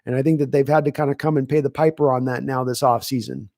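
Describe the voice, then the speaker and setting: Man, casual live-stream host, mellow tone, dry close sound, answering chat. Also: medium pitch, fairly even intonation, fast talker, dry recording. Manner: chatty, thinks aloud with restarts.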